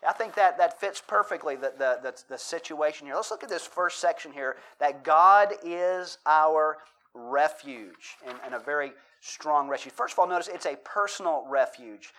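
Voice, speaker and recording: Middle-aged pastor, dramatic scripture reading. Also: male voice, on the high side, lively intonation, moderate pace, a bit bright. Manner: storytelling, self-deprecating, dramatic emphasis when reading aloud. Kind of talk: sermon with scripture and poem reading.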